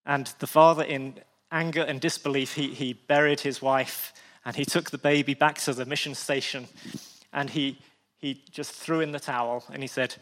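A man's voice: medium pitch, fairly even intonation, moderate pace, a bit bright, long reverb tail. Male preacher, sermon storytelling, restarts, heartfelt asides. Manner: frequent restarts, emotional asides.

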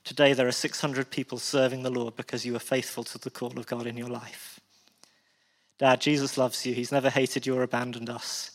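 A man voicing a gentle, devout grown daughter reassuring her father. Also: medium pitch, little pitch movement, brisk, big-room sound, lightly acted. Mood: tender. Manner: tender, reassuring.

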